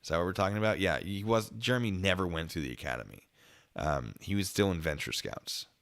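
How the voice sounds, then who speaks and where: A man's voice: low-pitched, animated, quick pace, gravelly, fairly bright tone. Giggly man chatting through comments. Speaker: channel host. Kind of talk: casual livestream chat, reading comments.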